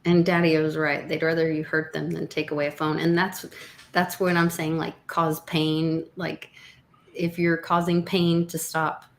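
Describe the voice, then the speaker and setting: A woman's voice: low voice, little pitch movement, unhurried, a little hiss or hum. A woman in casual chat, giving firm, opinionated views. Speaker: guest co-host. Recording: roomy echo.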